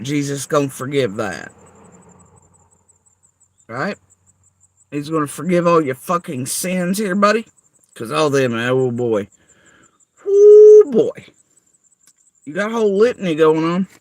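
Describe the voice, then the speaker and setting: A man's voice: high-pitched, dry recording, rough recording. A man delivering an angry, profane, sarcastic rant straight to someone he calls out. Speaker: vlogger. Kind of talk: angry ranting monologue.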